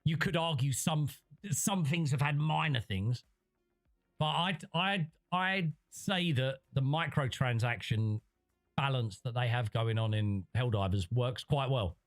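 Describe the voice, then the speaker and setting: A man's voice: mid-range voice, a little slow, faint music behind. A man rambling through livestream commentary, reading chat and restarting his sentences often. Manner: rambling, conversational, frequent restarts.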